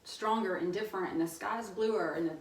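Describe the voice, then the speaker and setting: A woman in her thirties is a guest on a casual podcast, telling stories in a chatty way and often laughing. She speaks at a middling pitch for a woman. The sound is roomy and echoey, picked up from some distance. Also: fairly quick.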